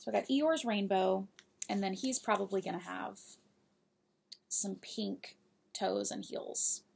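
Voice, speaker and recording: A woman's voice: mid-range voice, unhurried, gravelly, darkish tone, slightly rough. A woman hosting a knitting podcast, chatting casually and giggling as she talks straight to her viewers. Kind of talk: casual show-and-tell of yarn purchases.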